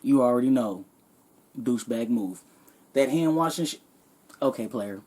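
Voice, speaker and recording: A woman vlogger telling a comedic story in a sassy, animated, profane way. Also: a bass voice, moderate pace, slightly rough.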